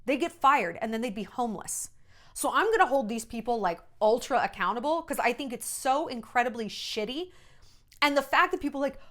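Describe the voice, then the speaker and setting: A woman and former entertainment journalist giving a blunt, animated gossip monologue, often slipping into mocking voices. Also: a little high, a little fast. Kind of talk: casual celebrity gossip monologue.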